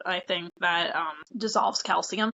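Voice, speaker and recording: A woman on a podcast who explains facts plainly and calmly. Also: fairly low pitch, measured pace, vocal fry, no echo. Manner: matter-of-fact, explanatory. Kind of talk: casual book-club chat. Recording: dull lo-fi podcast audio.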